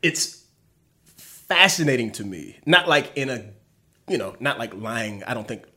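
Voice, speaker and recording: A man co-hosting a casual podcast. His voice is bright and ringing, and his pitch is mid-range for a man. He laughs easily and chimes in often with short agreements. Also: lively intonation, unhurried. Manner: chatty, frequent laughs and backchannels. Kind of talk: casual chat.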